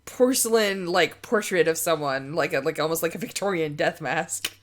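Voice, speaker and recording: A woman's voice: sits low, normal speed. A woman playing a tabletop game, talking casually with stammers and restarts. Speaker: player.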